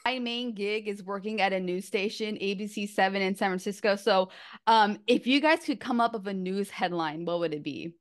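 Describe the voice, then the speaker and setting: A woman's voice: medium pitch, normal speed, clean tone. A young woman interviewing a band in a casual, playful way. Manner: playful, light laughter between questions.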